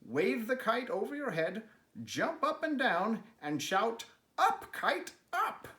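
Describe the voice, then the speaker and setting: A man's voice: sits high, big pitch swings, slow pace, pushed and bright, voice pushed up, heavily acted. A man voicing a cheerful, eager male frog who keeps encouraging his friend, in a storybook reading. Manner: encouraging, upbeat. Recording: roomy, echoey room.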